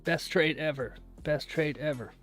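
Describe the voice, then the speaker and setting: A young man hosting his own live trading stream, chatty and self-mocking. His voice sits slightly high for a man, and he hypes up his trades like he's coaching a pet. Soft music plays faintly behind him. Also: measured pace. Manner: playful, laughs at himself, cheers on his trades. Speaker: livestreaming day trader. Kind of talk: casual live-stream chat.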